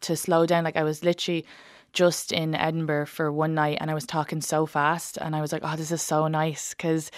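Low-voiced woman telling stories fast. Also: dry recording, studio quality. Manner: fast, animated, laughing storyteller. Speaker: stand-up comedian, guest. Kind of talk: casual interview chat, storytelling.

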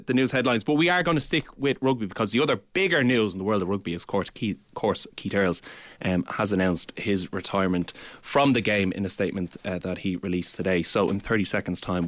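A man's voice: on the low side, a bit bright, no echo. A man presenting a radio sports show, reading news lines between jokes. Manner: jokey, laughs often. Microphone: studio microphone.

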